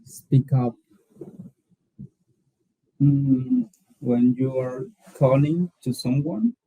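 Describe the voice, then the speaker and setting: Slow, hesitant man. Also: mid-range voice, no echo, phone-quality sound. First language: Spanish. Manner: hesitant, repeats words while searching for them. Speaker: English student. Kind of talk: online English lesson.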